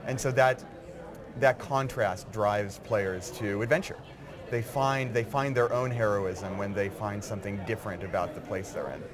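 A man who writes game material, talking in a casual interview with eager, quick bursts of explanation. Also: on the low side. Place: busy game convention floor. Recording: loud crowd chatter behind.

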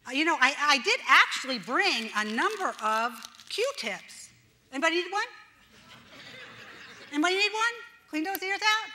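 A woman's voice: high-pitched, sing-song, moderate pace, pauses often, pushed and bright. An older woman pastor giving a chatty, self-deprecating sermon, acting out little voices and laughing as she goes. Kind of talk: conversational sermon. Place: church sanctuary. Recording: reverberant church hall.

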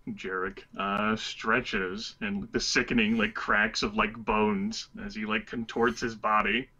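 Playing a casual tabletop game, this man hesitantly narrates his character's moves, padding his speech with fillers. His voice is lowish and bright with a forceful tone, barely shifting in pitch, and he speaks slowly on a lo-fi recording.

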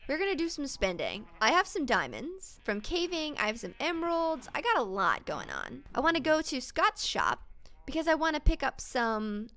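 Young woman, gaming YouTuber. Bright, bubbly, lively delivery with easy tangents. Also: high-pitched. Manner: bubbly, chatty, easily distracted. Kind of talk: casual let's-play chat.

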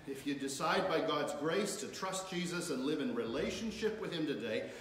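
A man preaches from the pulpit, his voice slightly high and rising with emphasis whenever he reads scripture aloud. The sound rings through a large church with heavy echo and a long reverb tail, and a faint room noise sits underneath. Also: lively intonation, unhurried, fairly bright tone. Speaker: pastor. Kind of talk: sermon. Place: church sanctuary.

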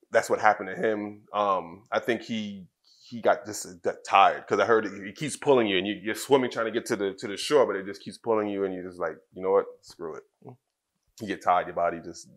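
A middle-aged man from Trinidad, a former wrestler, telling personal stories as an interview guest in a halting, candid way with many fillers and restarts. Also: fairly low pitch. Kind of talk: casual interview storytelling.

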